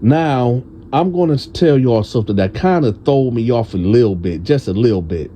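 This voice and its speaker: Dark-voiced man telling a prison story. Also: normal speed, a little hiss or hum. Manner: animated, acts out friends' voices in a higher pitch.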